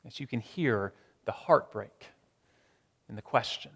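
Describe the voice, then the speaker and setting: A man preaching a sermon, moving between raised emphatic lines and hushed, slow repetitions. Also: medium pitch, gravelly, husky, in a large hall.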